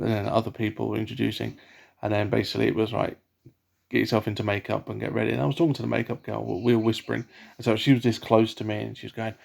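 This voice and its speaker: A man telling a personal story in a casual vlog, rambling with many fillers and restarts in a soft, self-conscious way. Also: lowish voice, vocal fry. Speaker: vlogger.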